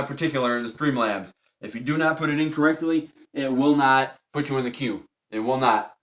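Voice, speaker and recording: A man with a somewhat high voice runs a tarot livestream in a casual, chatty way. He keeps repeating the same instructions to his viewers, polite but strict about the rules. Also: a bit bright. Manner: firm, repetitive instructions to the chat.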